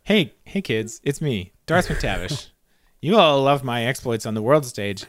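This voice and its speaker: A man putting on a pompous male darts champion character in a slow, lowered mock announcer voice. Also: expressive, dry recording, studio quality, lightly acted. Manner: mock public service announcement delivery.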